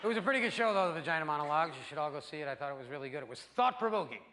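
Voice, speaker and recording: A man doing an animated stand-up comedy routine on a theater stage, jumping into put-on voices. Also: racing, very noisy. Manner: brash, animated storytelling with sudden put-on voices. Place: large theater stage before a live audience. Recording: live hall recording with booming crowd. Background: loud audience laughter.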